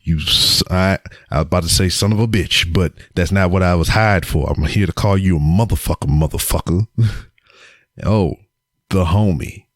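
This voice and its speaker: Very deep-voiced man roasting on a podcast. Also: moderate pace, dry recording, clean studio sound. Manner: profane, joking roast delivered to camera. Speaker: podcast host. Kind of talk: casual solo podcast segment. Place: home recording setup on camera. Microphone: camera with mic.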